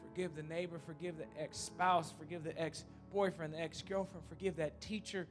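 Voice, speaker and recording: A man's voice: fairly high pitch, steady tone, moderate pace, music in the background. A man preaching a sermon in a church, telling a humorous story and then making an earnest, repetitive appeal. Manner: repetitive and emphatic. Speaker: pastor.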